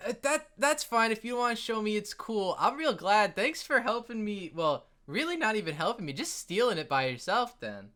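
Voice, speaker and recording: A man's voice: sits high, very animated, moderate pace, hardly any pauses, bright, forceful tone, voice pushed up, full character voice. A man voicing an awed, shy little girl of about seven in a tabletop game.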